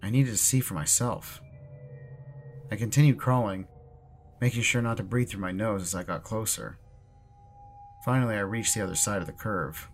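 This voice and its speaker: A man narrating a horror story in a measured, ominous way. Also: fairly low pitch, soft background music.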